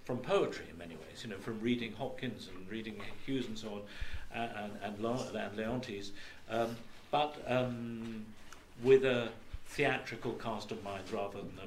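Hesitant male moderator, echoey hall, faint room hum. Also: on the low side. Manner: hesitant, halting questions. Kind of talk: panel Q&A.

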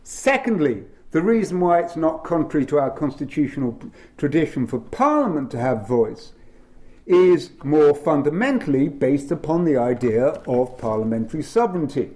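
Animated man giving a legal panel talk. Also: a little high, normal speed. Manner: animated, emphatic, with frequent fillers. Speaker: panel speaker on constitutional law. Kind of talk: lecture-style panel talk.

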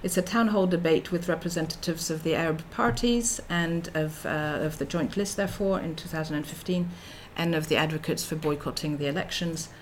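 A middle-aged woman delivers an academic lecture in a somewhat low voice, thinking aloud with many fillers and restarts. A faint noise sits behind her voice. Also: a little fast, hardly any pauses. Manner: thoughtful, with frequent fillers and restarts. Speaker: researcher giving a talk.

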